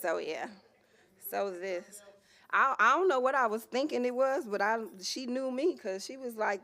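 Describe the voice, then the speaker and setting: A woman performing spoken word poetry live with an emphatic, rhythmic delivery and pauses that hang between phrases. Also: fairly high pitch, pushed and bright. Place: community music venue, live performance. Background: guitar playing.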